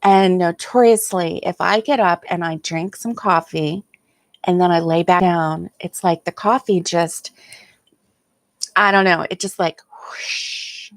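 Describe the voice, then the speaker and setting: An older woman hosting a casual livestream from her chair at home, talking softly and haltingly with many ums, tired and yawning. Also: lowish voice, steady tone, dry recording, clean studio sound. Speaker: host.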